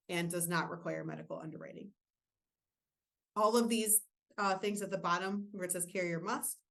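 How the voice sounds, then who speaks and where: A woman presenting an insurance training webinar, explaining rules in a casual way with filler words and joking asides. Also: on the low side. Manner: casual, self-deprecating asides.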